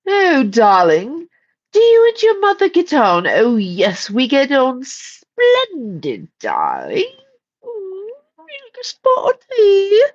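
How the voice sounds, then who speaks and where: A woman's voice: sits high, huge pitch swings, slow pace, dull audio, voice pushed up, full character voice. A woman voicing a posh, fussy British mother with a plummy, affected manner. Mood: haughty.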